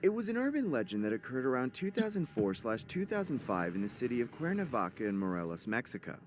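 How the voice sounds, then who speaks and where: A man's voice: medium pitch, sing-song, fast, slight background noise. A man narrating a horror story in a dramatic scripted style. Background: music.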